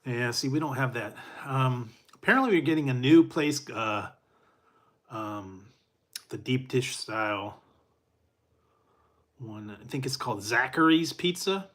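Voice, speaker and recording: A man's voice: mid-range voice, lively intonation, unhurried, long pauses, a bit bright. A middle-aged man hosting a casual chat with his live viewers, rambling in a laid-back way with frequent chuckles and fillers. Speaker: food reviewer.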